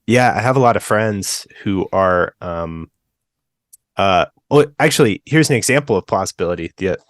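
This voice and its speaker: A young man co-hosting a book podcast, talking in a relaxed, rambling way with lots of fillers. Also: low voice, normal speed, no room sound, studio quality. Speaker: podcast co-host. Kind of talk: casual book discussion.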